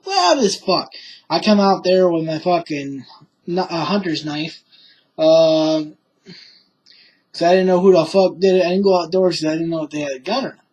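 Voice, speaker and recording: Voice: mid-range voice, fairly even intonation, normal speed, mellow, low-quality recording. Profane, rambling young storyteller. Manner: profane, rambling, full of fillers and restarts. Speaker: vlogger telling a personal story.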